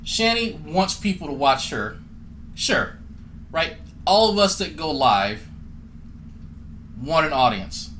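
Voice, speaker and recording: A man's voice: fairly high pitch, sing-song, slow pace, long pauses, a bit bright, slight background noise, poor audio. A man doing profane, mocking commentary as a streamer, sarcastic and swearing often.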